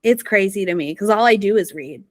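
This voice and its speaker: A woman's voice: mid-range voice, animated, fairly quick, no room sound. A woman from Missouri, a podcast guest, talking casually and chattily with lots of "like" and "you know" fillers. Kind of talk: casual conversational interview.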